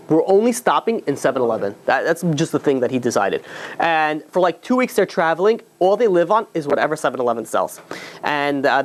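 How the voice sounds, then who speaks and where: A male rabbi giving an animated storytelling sermon, talking straight to his listeners with many restarts. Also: a little high. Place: speaking in New York.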